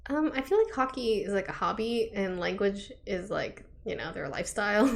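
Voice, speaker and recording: A young woman co-hosting a podcast, chatting casually and playfully, with quick jokes. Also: mid-range voice, expressive, vocal fry. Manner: playful, quick quips, laughs often. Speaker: podcast co-host. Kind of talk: casual chat.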